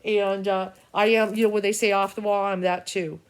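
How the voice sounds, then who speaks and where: A woman's voice: medium pitch, flat delivery, normal speed, smooth. Middle-aged woman ranting. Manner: agitated, profane, stream-of-consciousness. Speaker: intuitive reader. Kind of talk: rambling spiritual vlog rant.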